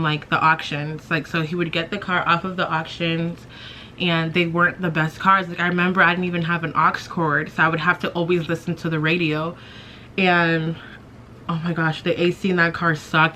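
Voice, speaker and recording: Bright-voiced young woman chatting to camera. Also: lowish voice, a little hiss or hum. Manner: chatty, heavy use of "like", self-mocking. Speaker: beauty vlogger. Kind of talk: casual storytelling to camera.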